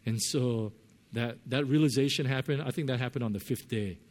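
A man preaching a sermon, telling a personal story with lively swings between loud and soft earnest tones. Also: medium pitch, brisk. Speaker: pastor.

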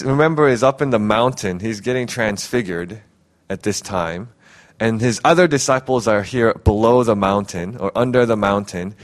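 A man giving an informal sermon, talking conversationally with many fillers and getting animated when he quotes. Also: medium pitch. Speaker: pastor.

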